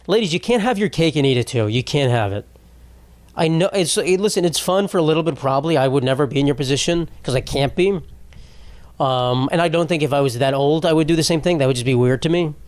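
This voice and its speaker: On this echo-free recording, a young podcast host with a voice on the high side talks fairly quickly and animatedly. He delivers a rambling, foul-mouthed comedy monologue that breaks off mid-thought again and again.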